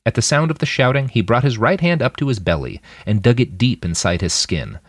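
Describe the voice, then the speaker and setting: A man narrating a thriller audiobook in an expressive, dramatic manner. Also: medium pitch, brisk, no room sound, studio quality. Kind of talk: scripted narration.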